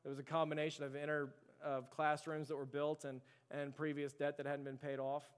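A man's voice: a little high, completely flat delivery, brisk, clear, resonant tone. A man preaching a sermon as pastor, building his points with rhetorical questions. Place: church sanctuary. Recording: long hall reverb.

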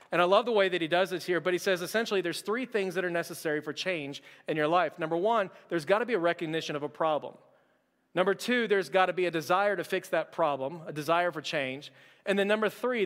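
A young man preaching a sermon as pastor, conversational and joking with quick asides. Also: high-pitched, fairly bright tone, long reverb tail. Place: church sanctuary.

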